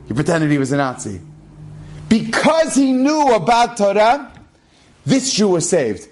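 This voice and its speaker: A man, a rabbi, telling a dramatic story in an animated, expressive way. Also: high-pitched, fairly quick. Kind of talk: storytelling talk.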